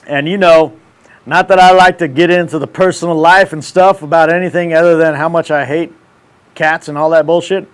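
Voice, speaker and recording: Man, thirties, show host, casual rant, brash, profane, slangy, slightly high voice. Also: steady tone, brisk, clear, resonant tone.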